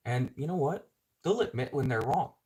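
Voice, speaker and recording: A man's voice: mid-range voice, expressive, moderate pace, a little mellow. A middle-aged man from Canada in a casual ranting monologue, blunt and swearing, rising to sudden outbursts. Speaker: vlogger.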